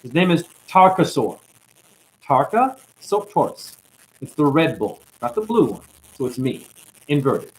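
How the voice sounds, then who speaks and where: A man delivers an impassioned spiritual monologue as a self-styled teacher, ranting straight at his viewers. His voice sits on the high side and swings widely in pitch. He drops "honey" into his scolding. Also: very animated, a little slow, poor audio. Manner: ranting, calls listeners honey.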